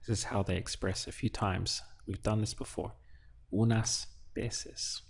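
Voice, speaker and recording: A man teaching a language lesson, slow and patient, quizzing the listener with prompts. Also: fairly low pitch, fairly even intonation, breathy edge. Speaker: Spanish teacher.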